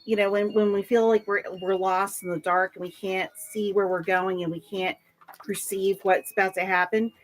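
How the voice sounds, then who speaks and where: A woman on a live reading, sharing spiritual impressions in a halting, searching way with many fillers. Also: mid-range voice, level tone, soft background music, poor audio. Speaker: guest intuitive reader.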